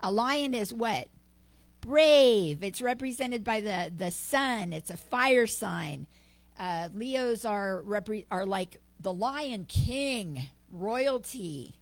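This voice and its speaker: A woman minister delivering a sermon with expressive, emphatic storytelling. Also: mid-range voice, takes it slowly, no room sound.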